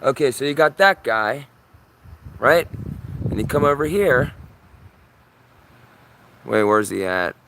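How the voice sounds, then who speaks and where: A man streaming live outdoors from his yard on a phone camera. He comments on the sky in an urgent, excitable way and keeps repeating himself. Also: mid-range voice, slow, long pauses, a little hiss or hum. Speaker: livestreamer.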